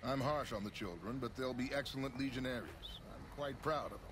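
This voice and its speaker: A man's voice: medium pitch, a little fast, noisy background, lightly acted. An actor playing a harsh male Legion trainer in a video game, matter-of-fact and proud.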